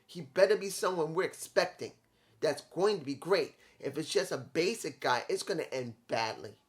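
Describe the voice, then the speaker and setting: In a solo video review of a wrestling show, a man rants emphatically and with strong opinions, hammering his points again and again in short, punchy lines. His voice is fairly high, with lively intonation, at a normal speed.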